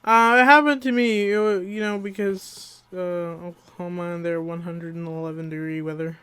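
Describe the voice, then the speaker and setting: A podcast co-host telling rambling stories in a deadpan, casual comedic chat. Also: medium pitch, moderate pace, clear, resonant tone, no echo.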